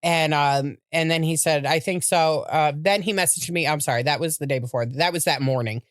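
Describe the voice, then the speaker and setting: A middle-aged woman, a podcast co-host, telling a personal story in a halting, heartfelt way with many restarts. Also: deep voice, dry recording, clean studio sound.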